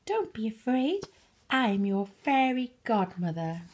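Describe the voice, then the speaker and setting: Kind fairy godmother, lilting and gentle as a woman reads her, slow and breathy. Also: mid-range voice, lively intonation. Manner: gentle, musical.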